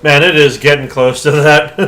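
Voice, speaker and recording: Man, podcast co-host, casual movie chat, opinionated, slightly high voice. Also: steady tone, moderate pace, sharp tone. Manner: chatty, opinionated, swears casually.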